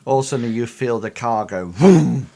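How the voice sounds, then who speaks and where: A man's voice: mid-range voice, lively intonation, moderate pace, vocal fry, dark tone. A man narrating a tabletop game as game master, hesitant and full of restarts. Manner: hesitant, lots of fillers and restarts.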